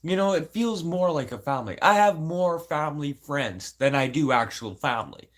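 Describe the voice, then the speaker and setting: A man's voice: on the high side, animated, normal speed. An adult man venting casually to camera, blunt and rambling, swearing constantly and sounding aggrieved. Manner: emotional, aggrieved. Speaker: vlogger.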